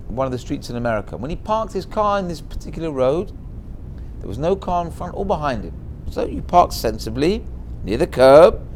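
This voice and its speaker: A middle-aged man giving a Torah lesson as a rabbi, telling a story in a lively way and mixing in Hebrew and Yiddish words. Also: a little high, slight background noise.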